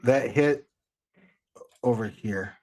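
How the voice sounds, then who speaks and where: A man running a tabletop game as game master, pausing often with fillers while he works out damage rolls. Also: medium pitch, darkish tone. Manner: halting, with many fillers while tallying damage.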